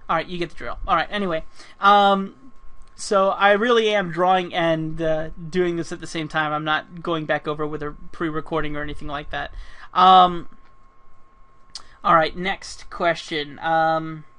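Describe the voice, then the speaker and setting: A man's voice: fairly high pitch, little pitch movement, moderate pace, pushed and bright. A man answering fan questions while he draws, rambling with many ums and restarts, and losing his voice. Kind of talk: casual talk while drawing.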